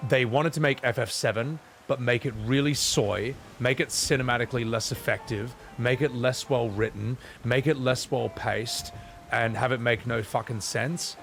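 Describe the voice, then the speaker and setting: A man's voice: mid-range voice, moderate pace, gravelly, a bit bright, faint music behind. A male streamer ranting casually, blunt and emphatic, swearing often. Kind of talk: casual rant while gaming.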